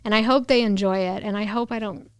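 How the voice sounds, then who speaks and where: A woman's voice: mid-range voice, fairly even intonation, fast talker, clear, resonant tone, no echo, clean studio sound. A woman guest on a podcast, chatting casually and laughing often. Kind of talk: casual chat.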